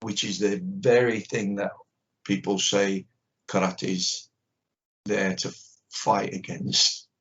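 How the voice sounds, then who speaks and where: Speaking slowly with frequent pauses, an older karate teacher uses a level, fairly bright voice on the low side. In a candid video call interview, he's blunt and opinionated and acts out little exchanges, though the audio is dull and lo-fi.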